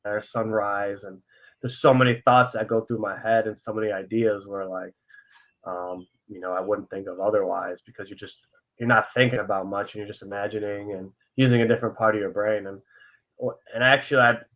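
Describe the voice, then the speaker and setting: A young man co-hosts a casual podcast, speaking earnestly and openly about his feelings, rambling with plenty of fillers and swearing freely. His voice is on the low side with fairly even intonation and a brisk pace, and the recording sounds muffled.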